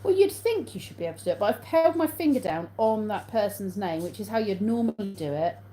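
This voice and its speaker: Mellow-voiced English woman chatting on a live stream. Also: medium pitch, lively intonation, quick pace, slight background noise, poor audio. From England. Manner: chatty, reads out viewer comments and answers them, laughs often. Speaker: vlogger hosting a live stream. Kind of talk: casual live-stream chat. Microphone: phone.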